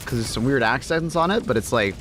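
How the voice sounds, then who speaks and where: A man's voice: medium pitch, lively intonation, fast talker, a bit bright, slight background noise. A man chatting casually on a game live stream, talking to his cat and swearing now and then.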